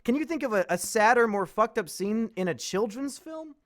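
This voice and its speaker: A man hosting a casual podcast, retelling a film in an animated, profane way and laughing often. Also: high voice, normal speed. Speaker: podcast host.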